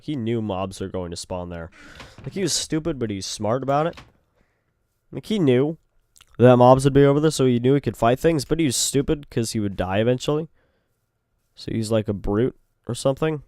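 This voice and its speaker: A man's voice: medium pitch, a little mellow, dry recording. A young Canadian man with a Canadian accent, rambling goofily as he gives let's-play commentary and toys with words. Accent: Canadian English. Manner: rambling, goofy, plays with words. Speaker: gaming video host.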